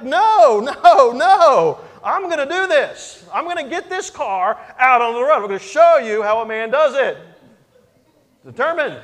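High-voiced pastor telling a story. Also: male voice, in a large hall. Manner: animated, self-mocking storyteller. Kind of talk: sermon storytelling.

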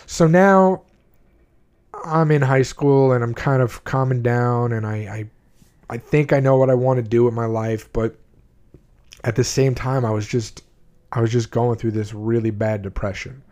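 In a slightly mellow mid-range voice, steady and at normal speed, a man of at least his twenties candidly tells viewers about his life. His delivery is blunt and emotional, with frequent sentence restarts.

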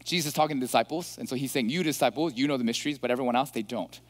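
A man's voice: medium pitch, racing. Chatty male pastor in a reverberant hall. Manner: chatty, asks listeners questions. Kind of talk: sermon.

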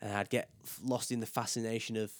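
A man's voice: on the low side, level tone, fast talker, no echo, studio quality. A young man, a podcast guest talking candidly in casual chat. He swears freely and often trails off and restarts. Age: young adult.

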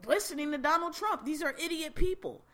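A woman's voice: high voice, brisk, a crowd in the background. A woman hosting a podcast, ranting casually and bluntly about politics, exasperated and profane, often restarting her sentences. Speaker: podcast host.

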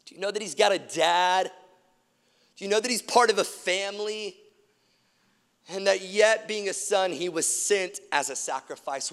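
A man's voice: on the high side, fairly bright tone. A man in his thirties preaching a sermon, casual and emphatic, telling stories as a pastor. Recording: long reverb of a large hall.

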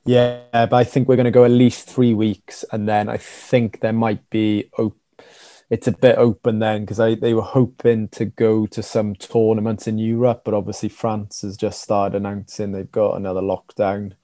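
A man's voice: fairly low pitch, flat delivery, moderate pace, mellow, no echo, studio quality. A man from Wales chatting casually as a rugby guest, rambling with lots of fillers and restarts. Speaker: rugby sevens player, podcast guest. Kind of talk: casual chat, storytelling.

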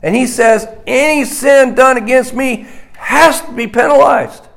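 Slow, emphatic male preacher. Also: very high-pitched, creaky. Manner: slow, emphatic, dropping to a hushed voice for key points. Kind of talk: sermon.

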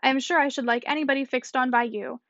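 A woman voicing a lively, teasing young gentleman. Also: high voice, quick pace, dry recording. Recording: slightly muffled dry recording.

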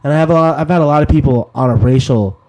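A young man from Texas, co-hosting a casual podcast chat, animated and putting on funny voices for people he talks about. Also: fairly high pitch, rapid-fire. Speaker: podcast co-host.

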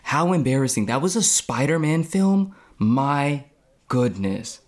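A man's voice: medium pitch, lively intonation, measured pace. A young adult man co-hosting a podcast in casual chat, self-deprecating and reflective as he tells stories. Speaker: podcast co-host.

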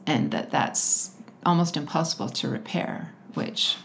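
A woman candidly telling her personal story as an interview guest, laughing often and animated as she retells it. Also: sits low, a little slow, creaky, slight background noise.

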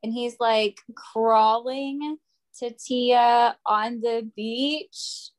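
A woman with a slightly high voice talks slowly and unhurriedly in a casual chat about a book. She sounds emotional and laughs often. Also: fairly even intonation. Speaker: book discussion co-host.

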